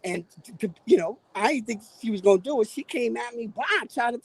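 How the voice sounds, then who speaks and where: A man's voice: very high voice, fairly quick, husky, no room sound. Profane New man telling a story. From New York. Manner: profane, animated storyteller who acts out quotes. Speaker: guest on a live stream. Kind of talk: casual storytelling chat. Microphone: remote stream call.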